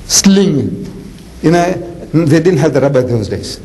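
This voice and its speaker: A man giving a lively storytelling lecture as an Islamic preacher, chatty with many asides. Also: a little high, unhurried, poor audio. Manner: animated, conversational, with frequent "you know" asides and acted voices.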